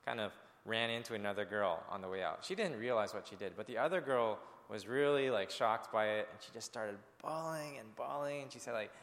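A man's voice: on the low side, fairly quick, few pauses, fairly bright tone, big-room sound. A male pastor preaching a sermon in an earnest, conversational way, speaking directly to his congregation.

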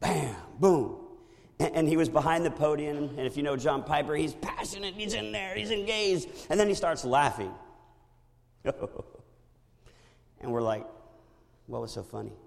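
A male pastor preaching a sermon in a church, animated and storytelling with impressions. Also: on the high side, unhurried, vocal fry, pauses often, big-room sound.

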